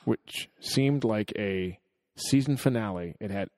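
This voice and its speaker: A man co-hosting a podcast in casual chat, jokey and animated, telling stories with chuckles. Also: lowish voice, unhurried, no echo, clean studio sound. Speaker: podcast co-host.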